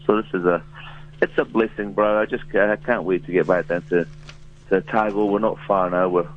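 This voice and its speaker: A man with a very deep voice and a New Zealand accent talks in a relaxed, rambling way, full of "you know" and restarts. He comes through a dull, muffled phone line with a faint hum underneath. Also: brisk. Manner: laid-back, rambling, many fillers and restarts. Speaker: musician and actor guest. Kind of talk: casual phone interview.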